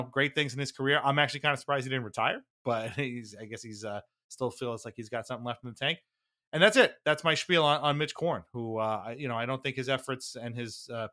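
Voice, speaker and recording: A man's voice: medium pitch, bright, forceful tone. A man co-hosting a sports podcast in casual, rambling chat, restarting his sentences and laughing between thoughts. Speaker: podcast co-host.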